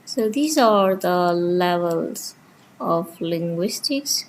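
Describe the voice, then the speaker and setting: A woman's voice: on the low side, expressive, drawn-out words, a little hiss or hum, low-quality recording. A woman teaching linguistics in a casual lecture, walking through her slides point by point, with small grammar slips.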